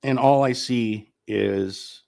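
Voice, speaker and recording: A man's voice: mid-range voice, slow, creaky, darkish tone. A middle-aged man getting over the flu and short of breath, hosting his own live-streamed talk show in a candid, rambling way and swearing freely.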